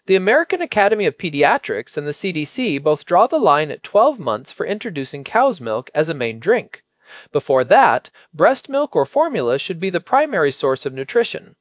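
Man, expert podcast co-host, measured and emphatic, high animated voice. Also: no room sound, dull audio. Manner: measured, explanatory, emphatic on key points. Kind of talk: explanatory podcast chat.

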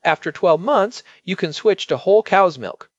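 A man co-hosting a podcast as a pediatric expert, explaining in a measured way and stressing key points. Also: high-pitched, lively intonation, no echo, dull audio.

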